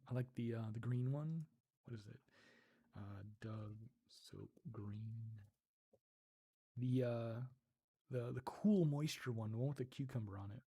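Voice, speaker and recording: Curious and given to giggling, this soft-spoken ASMR livestreamer keeps up a casual chat with her viewers. The voice is mid-range and slightly rough.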